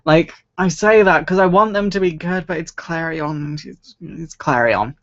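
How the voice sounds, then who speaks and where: A man's voice: on the high side, moderate pace, fairly bright tone. A young man from Scotland, casually chatting as a livestream host answering viewer questions, rambling and self-deprecating. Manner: rambling, self-deprecating, laughs at own stories. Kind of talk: casual chat. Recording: dull lo-fi home stream audio.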